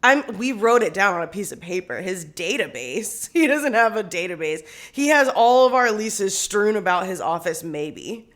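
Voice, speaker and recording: A woman's voice: medium pitch, lively intonation, moderate pace, few pauses, a bit bright. A young woman co-hosting a podcast, telling a story in a casual chat, acting out quotes and laughing often. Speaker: podcast co-host.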